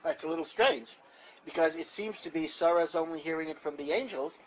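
An older man leading a Torah class, telling stories in a lively way and often repeating himself. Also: on the high side, brisk, highs cut off, slight background noise. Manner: animated storyteller, repeats himself. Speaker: Torah teacher. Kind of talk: lecture-style Torah class.

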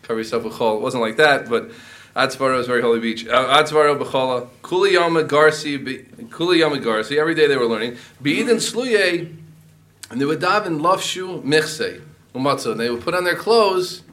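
A man's voice: medium pitch, animated, a little fast, fairly bright tone. A man teaching a Talmud class, mixing Aramaic and Hebrew phrases into his English explanations.

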